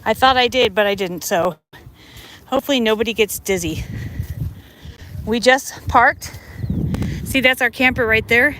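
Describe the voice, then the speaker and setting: Casting note: American woman, casual live-streamer, slightly high voice, winded, phone mic outdoors with clear ambient noise. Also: unhurried, long pauses. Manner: chatty, talks straight to viewers while walking. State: out of breath. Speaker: livestream vlogger. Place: outdoors on a tidal bay shore. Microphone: handheld phone.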